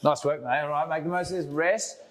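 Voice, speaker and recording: A man's voice: a little high, fairly even intonation, brisk, fairly bright tone. A young man coaching a fitness class, counting down reps and encouraging his co-coach with friendly banter.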